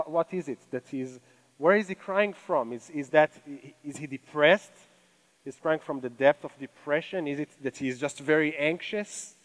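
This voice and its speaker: A man's voice: a little high, rough recording. Earnest accented man preaching a sermon. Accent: non-native English accent. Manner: earnest, conversational preaching with rhetorical questions. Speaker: pastor. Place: church stage.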